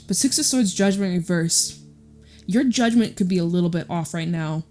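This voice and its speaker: A woman's voice: fairly low pitch, normal speed, a little mellow, faint music behind. Chatty woman giving a tarot reading. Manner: chatty, swears, laughs and talks to the viewer. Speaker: tarot reader.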